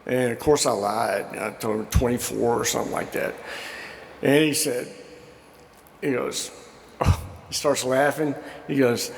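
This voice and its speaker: A man's voice: medium pitch, steady tone, a little slow, gravelly, long pauses. Man reminiscing in an echoey gym. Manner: warm storytelling with fillers, mimics quoted coach. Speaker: memorial speaker, former player. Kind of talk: anecdotal eulogy. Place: large school gym. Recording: echoey gym with long reverb.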